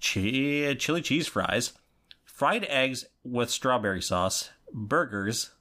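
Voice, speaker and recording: A man's voice: mid-range voice, lively intonation, slow, bright, forceful tone. A man co-hosting a podcast in casual chat, reading out quiz questions and laughing often. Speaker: podcast co-host.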